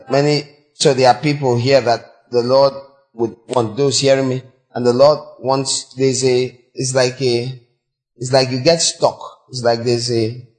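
A male pastor preaching a sermon, urging and questioning his listeners directly, with a voice that cracks when he reaches high notes. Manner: exhorting, breaks into high sung demonstrations.

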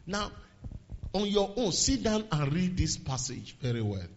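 Male preacher, high lively voice, rises and falls between hushed and loud, dull lo-fi sound. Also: a little slow. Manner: animated, swinging from low murmurs to raised exhortations; quotes scripture in King James phrasing. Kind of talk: sermon.

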